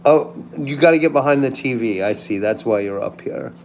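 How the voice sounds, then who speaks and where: A man hosting a casual livestream, rambling and hesitant with many fillers, often trailing off quietly. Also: mid-range voice, fairly quick, background noise. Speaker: livestream host.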